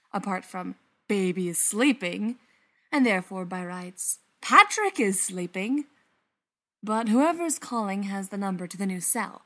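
A woman narrating a story in an expressive, animated reading voice. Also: medium pitch.

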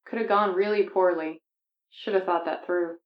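Din, a woman reading as a weary gruff bounty hunter. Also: fairly low pitch, steady tone, moderate pace, close to an everyday voice. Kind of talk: fan fiction reading. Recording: echoey, dull lo-fi sound.

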